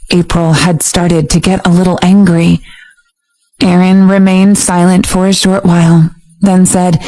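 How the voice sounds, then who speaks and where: A woman narrating a romance audiobook in a steady, even storytelling voice. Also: on the low side, moderate pace, low-quality recording. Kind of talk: scripted narration.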